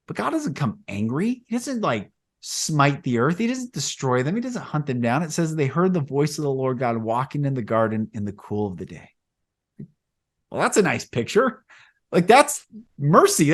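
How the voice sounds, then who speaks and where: In a relaxed spiritual conversation, this podcast host wanders through lengthy anecdotes, growing livelier as he relives each one. His voice sits a little high.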